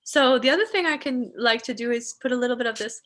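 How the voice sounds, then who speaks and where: Woman ceremony host on a live stream, slow devotional delivery, bright and pitched a little high. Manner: soft, slow and devotional when blessing. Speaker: spiritual teacher and ceremony host.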